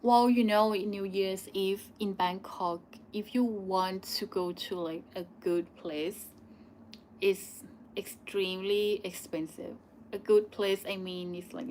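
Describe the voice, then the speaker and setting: A young Thai woman with a Thai accent, Thai as her first language, hosting a live question-and-answer stream in a loose chatty way with many "like" and "um" pauses. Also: mid-range voice, steady tone, a little hiss or hum. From Thailand. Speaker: channel host answering viewer questions.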